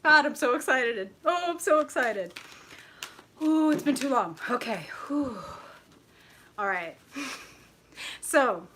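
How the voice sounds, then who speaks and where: Bright, bubbly woman streamer. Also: slow pace, pauses often, a little hiss or hum. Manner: laughs often, greets viewers with high excited shouts. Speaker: tarot reader hosting a live stream. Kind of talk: bubbly live-stream chat.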